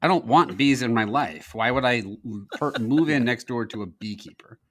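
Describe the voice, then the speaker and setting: A man's voice: medium pitch, lively intonation, normal speed, fairly bright tone. A man co-hosting a comedy podcast, telling rambling jokey stories in a casual chat. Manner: rambling, jokey storytelling with lots of laughs. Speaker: podcast co-host.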